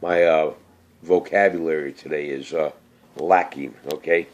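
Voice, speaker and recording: A man's voice: rumbling low, fairly even intonation, a little slow, lo-fi sound. A middle-aged man chatting casually on his vlog, rambling with many fillers and slightly slurred speech. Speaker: vlogger. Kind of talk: casual cooking chat and viewer shout-outs.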